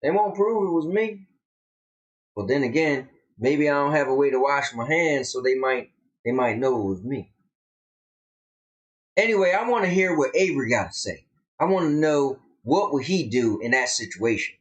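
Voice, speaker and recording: A man's voice: medium pitch, expressive, moderate pace, pauses often, lo-fi sound. A man with a Southern US accent co-hosting a casual live stream, drawling and emphatic as he tells a story. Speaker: co-host.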